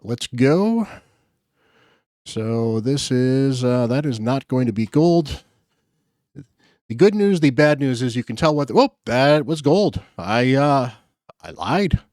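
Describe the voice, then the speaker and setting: A man's voice: medium pitch, sing-song, slow, long pauses, a little mellow, no room sound, clean studio sound. Chatty man narrating game summons. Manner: chatty, upbeat, frequent "uh" fillers. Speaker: gaming channel host. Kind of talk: casual gacha summon commentary.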